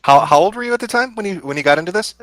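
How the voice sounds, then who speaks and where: A man's voice: high voice, animated, very fast, no room sound. A man hosting a livestream, teasing his guest in casual chat. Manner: teasing, mocking. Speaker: livestream host.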